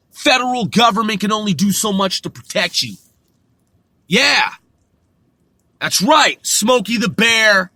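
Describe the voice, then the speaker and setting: Ranting young american man, high pitch, slow drawl, sharp bright tone, shouty and profane. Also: no echo. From United States. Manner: profane, combative, shouting bursts. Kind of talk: ranting monologue to camera.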